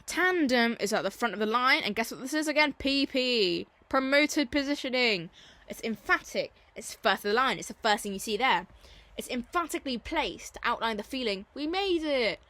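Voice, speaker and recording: A woman's voice: fairly high pitch, expressive, moderate pace, sharp tone, dry recording. A woman giving an informal Latin revision lesson, chatty and enthusiastic, repeating key terms as she goes. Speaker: Latin teacher.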